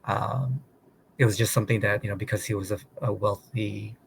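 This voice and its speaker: A man in casual chat, thinking aloud about story ideas in a thoughtful, pausing way. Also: lowish voice, fairly even intonation, gravelly, a little hiss or hum.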